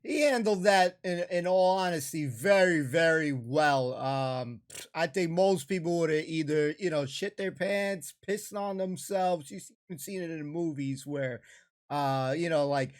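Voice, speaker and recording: American man, reaction commentary, candid, swearing, higher voice. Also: a little slow. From United States. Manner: candid, swearing, hesitant restarts. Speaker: reaction video host.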